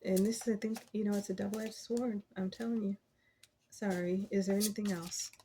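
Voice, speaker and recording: Woman, tarot reader, casual chatty reading, encouraging, gravelly voice, mid pitch. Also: steady tone, moderate pace, mellow, a little hiss or hum. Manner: encouraging, chatty, laughs often; quotes scripture.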